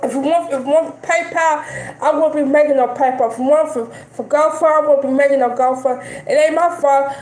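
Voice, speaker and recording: High-pitched woman streamer, defiant, keeps repeating herself, echoey room, faint music. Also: fairly even intonation, moderate pace, a little mellow. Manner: defiant, repetitive, dismissive. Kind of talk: live-stream rant.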